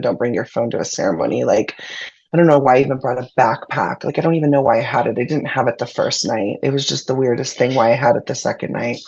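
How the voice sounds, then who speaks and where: A woman's voice: rumbling low, creaky, darkish tone, husky, lo-fi sound. A woman guest on a podcast, candidly and emotionally retelling a personal ordeal in casual speech. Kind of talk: personal storytelling in conversation.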